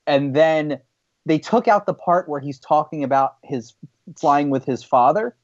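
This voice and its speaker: A man's voice: fairly high pitch, animated, measured pace, no room sound, muffled recording. Man explaining with many fillers. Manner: explaining at length, hesitant with fillers. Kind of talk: casual group chat about movies.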